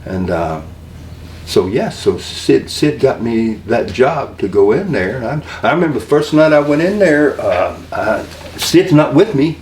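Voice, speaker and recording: An older man, a wrestling manager, telling stories in an interview, halting and rambling and acting out the voices of the people he quotes. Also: mid-range voice, animated, a little mellow. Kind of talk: storytelling interview. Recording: roomy room, mic a little far, faint noise.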